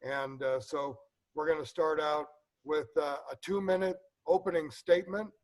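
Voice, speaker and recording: A man moderates a political candidate forum. He speaks haltingly with lots of filler words. His voice is slightly high. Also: fairly even intonation, darkish tone.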